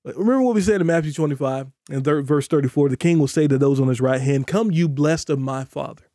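A man preaching a sermon on a podcast, with emphatic delivery that slows down to stress scripture. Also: warm tone, no room sound, studio quality. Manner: emphatic preaching, voices imagined questioners in a high pitch. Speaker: pastor.

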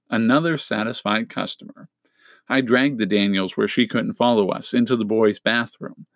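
Male first-person audiobook narrator, steady and wry, dry close-mic sound. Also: on the low side, dry recording.

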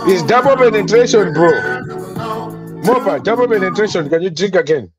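A man's voice: high-pitched, expressive, moderate pace, over music. A man joking with friends on a podcast, often repeating himself. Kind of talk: casual chat.

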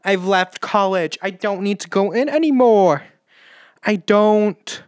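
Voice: mid-range voice, takes it slowly, clear, resonant tone, dry recording, studio quality. A late-teen podcast host with a British accent, rambling through a casual solo catch-up in a chatty, self-mocking way. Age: late teens.

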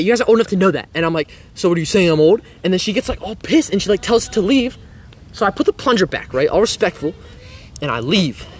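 A teenage boy with a high voice tells a long, heated rant, swearing freely and hammering his points. Faint outdoor noise sits under the talk. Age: teens. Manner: loud ranting storyteller, swears a lot. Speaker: podcast co-host. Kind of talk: casual chat.

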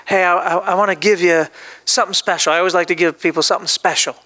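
A man voicing a chatty older woman, a kindly grandmother on a plane, who leans in and talks softer and lower than his own voice. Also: steady tone, fast talker. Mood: confiding.

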